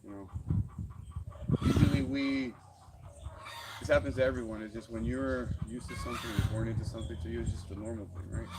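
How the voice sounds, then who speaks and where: A fitness vlogger rambles loosely during a boxing workout, breathing hard from bagwork, swearing freely and laughing often in a very lively way. His mid-range voice is brisk and creaky with frequent pauses. He's in an outdoor home gym under trees on rural land, with loud roosters and dogs behind him.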